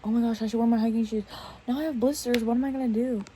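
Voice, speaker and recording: A woman's voice: fairly high pitch, steady tone, fast, dark tone, a little hiss or hum, rough recording. A young woman chatting casually into her phone camera in bed at night, rambling and laughing at herself. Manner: rambling, self-mocking, giggly. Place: bedroom at night.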